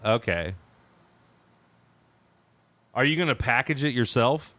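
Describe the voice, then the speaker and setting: A man's voice: medium pitch, lively intonation, slow pace, fairly bright tone. An American man in a band chatting casually on a stream, rambling with lots of fillers and restarts. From United States. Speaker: band member co-hosting a stream chat. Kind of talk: casual chat.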